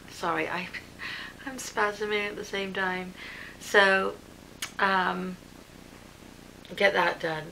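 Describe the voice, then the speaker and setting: A woman's voice: lowish voice, gravelly, a little hiss or hum, rough recording. A British woman telling her day in a chatty vlog at home, acting out what everyone said, recorded on her camera. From Britain. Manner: chatty, animated storytelling with reported speech. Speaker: vlogger. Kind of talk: casual vlog rant recounting her day.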